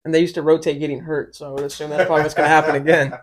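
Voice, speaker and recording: A man co-hosting a sports podcast, chatting casually and telling animated stories about fights. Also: on the high side, racing. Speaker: podcast co-host.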